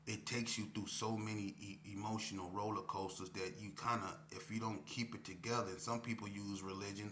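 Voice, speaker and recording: A man's voice: lowish voice, bright, forceful tone, slight background noise. A man casually telling a personal story in slangy, candid speech, repeating himself and acting out dialogue.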